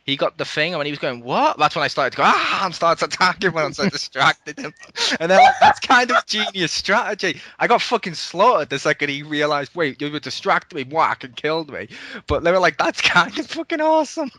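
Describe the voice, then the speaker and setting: A man's voice: on the high side, brisk. Een man die een gamepodcast presenteert en opgewonden praat, vaak lacht en losjes vloekt. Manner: excitable, laughs often, swears casually. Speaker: podcast host. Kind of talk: casual gaming podcast chat.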